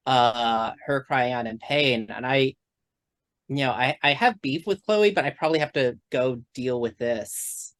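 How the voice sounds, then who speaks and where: Unhurried tabletop player, halting, restarts a lot. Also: mid-range voice, fairly bright tone, no room sound. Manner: halting, repeats words. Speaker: player voicing August. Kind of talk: tabletop role-play.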